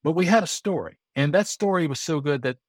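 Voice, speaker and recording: A middle-aged American man, a guest on an interview, telling lively anecdotes and acting out the dialogue he quotes. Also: on the high side, fairly quick, no room sound. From United States. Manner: lively storyteller who acts out quoted dialogue. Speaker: guest, Olympic bid consultant.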